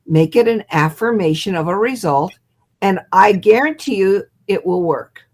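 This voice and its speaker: An older woman in her seventies, a hypnotist guest, telling an animated story over a video call. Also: mid-range voice, moderate pace. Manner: lively storyteller who acts out quotes and laughs.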